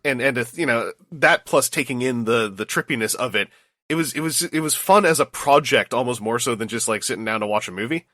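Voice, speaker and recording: A man co-hosting a casual podcast, emphatic and animated as he gives advice. His voice is bright and forceful, recorded dry and close. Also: mid-range voice, brisk, no echo. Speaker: podcast co-host.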